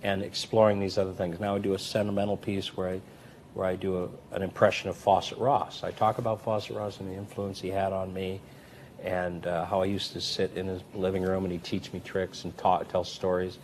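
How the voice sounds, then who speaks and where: Telling anecdotes in an interview, this magician and comedy performer, a man, talks fairly quickly with a little hiss or hum in the background. He's animated and performs the quoted voices with dramatic shifts in pitch and loudness.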